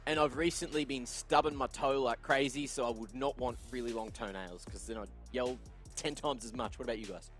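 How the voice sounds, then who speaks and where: A man's voice: medium pitch, fairly even intonation, fairly quick, fairly bright tone, soft background music. A man hosting an esports panel show, chatty and joking as he leads the segment. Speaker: show host. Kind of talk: casual esports panel chat.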